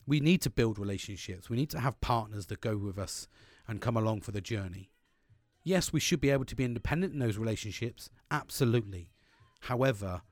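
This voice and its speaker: A man's voice: on the low side, darkish tone, dry recording. Sweary young Englishman, dry close sound. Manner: sweary, frank, conversational. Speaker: podcast host. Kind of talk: casual solo podcast monologue.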